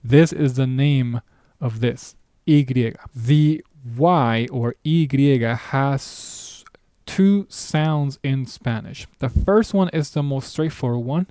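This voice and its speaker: A man's voice: mid-range voice, slow pace, dark tone, clear, resonant tone, dry recording, clean studio sound. A man teaching a beginner language lesson, explaining patiently in a casual way with small asides. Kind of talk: recorded online lesson.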